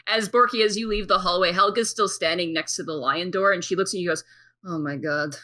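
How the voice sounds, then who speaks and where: A woman's voice: medium pitch, steady tone, fast talker, bright, forceful tone. A woman running a tabletop game as game master, narrating scenes and voicing characters in a chatty way, with many fillers and restarts.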